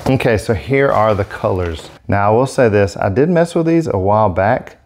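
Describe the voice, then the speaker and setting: A man hosting a casual product demo vlog, talking in an excitable, gushing way into a set-up microphone. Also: fairly low pitch, moderate pace. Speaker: airbrush artist demonstrating markers.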